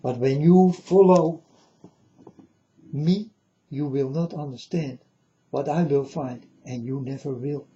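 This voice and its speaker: Slow, dark-voiced man in a lo-fi monologue. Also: on the high side. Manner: solemn, repetitive, keeps addressing "folks". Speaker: self-styled prophet. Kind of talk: rambling spoken monologue to viewers.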